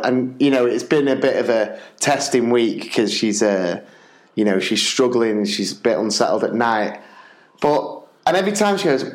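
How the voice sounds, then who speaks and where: A man co-hosting a podcast, telling a comic anecdote with many restarts and quoted voices. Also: medium pitch. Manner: animated, quotes people in put-on voices, rambling restarts. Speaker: podcast co-host, primary teacher. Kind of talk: comic storytelling chat. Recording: echoey room.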